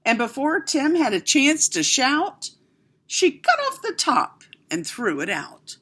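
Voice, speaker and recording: A woman reading a children's picture book aloud, expressive, with chatty asides to her young listeners. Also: high-pitched, slow pace. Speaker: storyteller.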